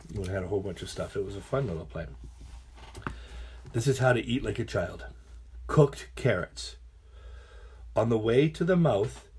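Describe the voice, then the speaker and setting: A man's voice: on the low side, a little mellow, husky. A middle-aged man, a teacher, reading picture books aloud to his class with playful, chatty asides.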